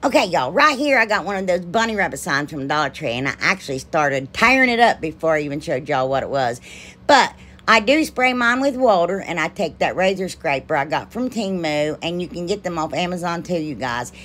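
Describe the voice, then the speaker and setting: A woman's voice: fairly low pitch, big pitch swings, a little fast, a bit bright. A woman hosting a craft channel, narrating her project in a chatty, rambling way and gushing with enthusiasm. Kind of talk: casual craft tutorial narration.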